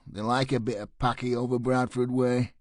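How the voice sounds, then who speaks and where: A man voicing a brash young woman in her twenties with a Yorkshire accent, cheeky and loud. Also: mid-range voice, little pitch movement, moderate pace, dry recording, studio quality, lightly acted.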